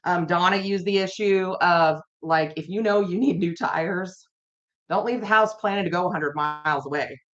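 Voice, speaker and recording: A woman's voice: on the low side, normal speed, a bit bright. Chatty woman giving a tarot reading. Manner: chatty, rambling, repeats herself and talks to viewers in chat. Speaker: tarot reader hosting a live stream. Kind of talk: casual live-stream tarot reading. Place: her home. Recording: dull lo-fi audio.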